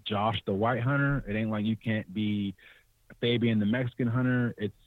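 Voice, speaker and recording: A young man from California tells stories in a casual, animated way, laughing often and pitching up to quote people. His voice sits low. It comes through a thin, phone-like call line with no room sound. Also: moderate pace, no room sound. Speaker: podcast guest, hunter. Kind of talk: casual storytelling. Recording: tinny, dry remote call audio.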